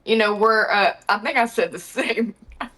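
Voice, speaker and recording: A woman's voice: medium pitch, moderate pace, bright, forceful tone, low-quality recording. A woman co-hosting a podcast in casual chat, laughing often with crude, playful banter. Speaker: podcast co-host.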